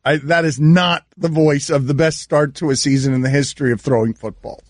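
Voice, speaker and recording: A man's voice: fairly high pitch, fairly even intonation, fairly quick, dry recording, clean studio sound. Teasing male sports radio host. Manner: teasing, incredulous.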